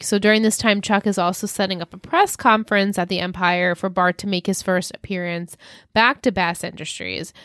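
A woman co-hosting a podcast, recapping a TV episode in casual chat and acting out the quotes in quick bursts. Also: medium pitch, level tone, fairly bright tone, dry recording, studio quality.

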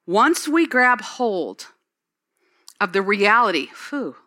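A woman pastor giving an excited, exclamatory sermon, later leading the congregation in prayer. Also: mid-range voice, slow. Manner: ends in spoken prayer.

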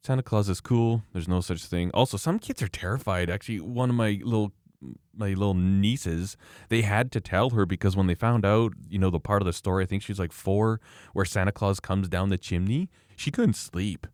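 In a clean, echo-free studio recording, a middle-aged man with a fairly low voice speaks at a moderate pace. He co-hosts a podcast, laughing often as he tells stories in casual, animated conversation.

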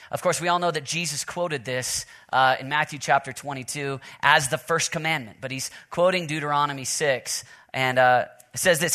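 Oklahoma-raised male preacher, bright and slightly high, chatty storyteller turned earnest pray-er. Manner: joking storyteller, then earnest prayer. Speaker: pastor. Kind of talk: sermon.

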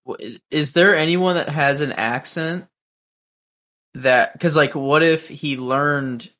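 A man's voice: a little high, slow pace, bright, forceful tone. A young man casually chatting on a podcast, thinking aloud with hesitant, speculative remarks. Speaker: podcast co-host. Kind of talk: casual chat.

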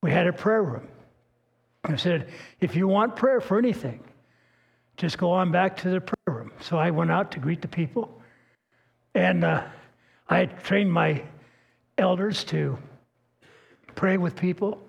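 Gravelly older man preaching, folksy. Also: sits high, measured pace, long pauses, dull audio. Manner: folksy, earnest, repeats and restarts words. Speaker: pastor. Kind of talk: sermon with personal storytelling.

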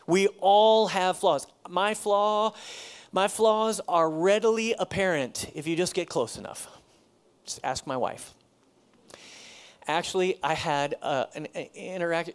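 A man's voice: fairly high pitch, clear, resonant tone. A middle-aged man preaching as a pastor, telling a personal story in a conversational, self-deprecating way and laughing often.

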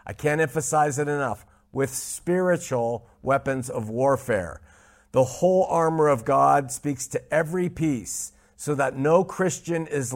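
A man teaching a Bible study, speaking emphatically, repeating key points and slowing down to stress scripture. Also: a little high.

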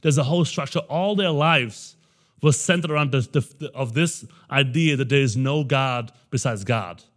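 A young adult male pastor delivering a relaxed, conversational sermon. He talks to the congregation like friends, often tossing in "right?". He breaks into animated little impressions of the people in the story. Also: medium pitch. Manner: casual preaching, keeps asking the room "right?"; animated, acts out the characters in quick asides.

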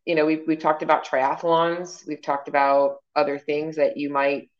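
A woman's voice: low voice, level tone, normal speed, dull audio. A woman co-hosting a casual podcast, coaching her partner in a chatty, encouraging way with many fillers. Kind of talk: casual chat.

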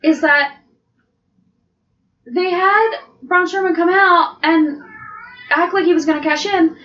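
A woman co-hosting a podcast, chatting excitedly about wrestling, laughing often, with dull lo-fi sound. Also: extremely high pitch, takes it slowly. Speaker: podcast co-host. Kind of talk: casual wrestling chat.

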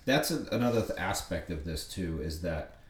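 A man speaking as a guest on a podcast, talking earnestly and in a measured way. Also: low voice, lively intonation, reverberant. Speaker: guest, veterans' nonprofit founder. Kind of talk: casual interview chat.

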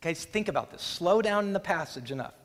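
A man preaching a sermon, retelling a scripture scene dramatically and acting out the voices, building to loud peaks. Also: high-pitched, expressive, brisk. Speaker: pastor. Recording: long reverb of a large hall.

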